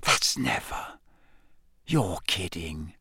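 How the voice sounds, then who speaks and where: A man's voice: sits high, sing-song, moderate pace, heavy background noise, pitched above the performer's own voice. A man reading aloud and voicing a blunt, disbelieving teenage schoolboy. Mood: incredulous.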